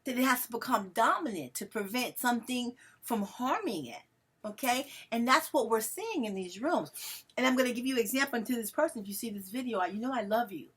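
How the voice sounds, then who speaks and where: A woman's voice: on the high side, expressive, brisk, fairly bright tone, husky. A woman vlogging to her followers in a casual, emotional monologue, calling herself melodramatic and talking to viewers as family. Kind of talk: casual direct-to-camera monologue.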